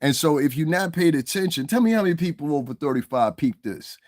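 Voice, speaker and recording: A man's voice: a little high, expressive, brisk, a little mellow, no echo, clean studio sound. A middle-aged man ranting in heated, profane commentary, often asking "you understand what I'm saying". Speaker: commentary vlogger.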